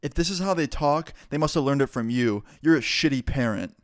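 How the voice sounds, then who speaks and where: A man's voice: mid-range voice, animated, brisk, no room sound, studio quality, lightly acted. A man voicing a haughty middle-aged mother who insists her sons are never rude. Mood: indignant. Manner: haughty, indignant.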